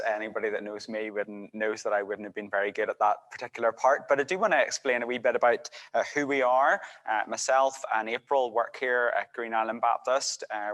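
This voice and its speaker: A man, a church worker giving an earnest, measured introduction with frequent hesitations. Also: medium pitch, fairly bright tone. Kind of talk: introductory talk. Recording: long hall reverb.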